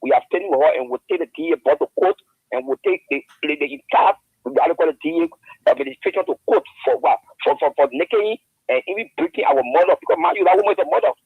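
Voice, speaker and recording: A man's voice: on the high side, lively intonation, fast, slightly rough, no room sound. A man calling in to a radio talk show, speaking heatedly and repeating words as he pushes his point. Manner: fiery, repeats words, rising to shouts. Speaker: caller. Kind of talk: heated call-in commentary. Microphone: phone. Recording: tinny phone line.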